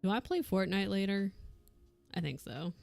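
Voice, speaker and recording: While crafting on stream, a young woman chats casually and laughs often through a rambling story, acting out the quotes. Her mid-range voice is expressive, creaky and a little mellow at normal speed, with soft music behind her.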